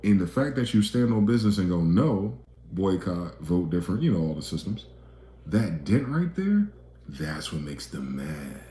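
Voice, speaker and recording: A man with a low, dark voice delivers a profane, emphatic monologue. He jumps from loud, pointed outbursts to quiet, muttered asides. His voice rings in a bare, echoey room. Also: big pitch swings, moderate pace, a little hiss or hum. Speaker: video commentator.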